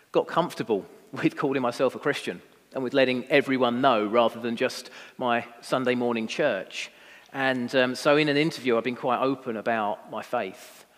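In a church hall with long reverb, a young adult man preaches a sermon as a chatty, self-deprecating story full of fillers. His voice is mid-range with a fairly bright tone.

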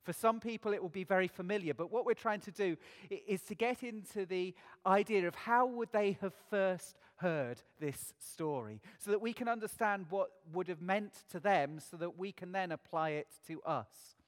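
A man's voice: high voice, normal speed, hardly any pauses, long reverb tail. A man preaching a sermon in an earnest way, asking his listeners many rhetorical questions.

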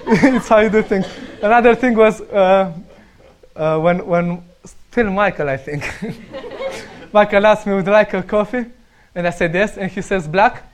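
Young Romanian-accented man, high-pitched, easygoing storyteller who laughs a lot. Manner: laughs often while telling anecdotes. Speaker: speaker sharing stories. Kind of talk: casual storytelling.

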